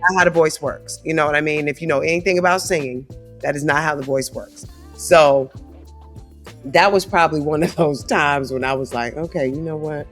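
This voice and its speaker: A woman's voice: sits low, moderate pace, faint music behind. Scratchy-voiced woman telling stories. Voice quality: big, scratchy voice. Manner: animated, conversational, frequent "right?" asides. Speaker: guest singer. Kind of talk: casual storytelling chat.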